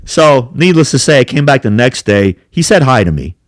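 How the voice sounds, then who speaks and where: Male podcast co-host, animated profane storyteller, dry studio sound. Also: mid-range voice, moderate pace, dry recording. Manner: profane, laughing, acts out voices in anecdotes. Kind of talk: casual storytelling chat.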